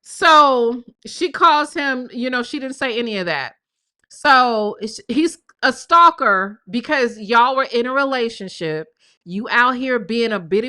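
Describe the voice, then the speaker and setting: Sassy woman streamer roasting folks off text screenshots, kinda high voice, really bright and punchy. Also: lively intonation, unhurried, smooth. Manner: sassy and mocking, reading out text messages. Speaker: commentary streamer. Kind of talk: casual gossip commentary.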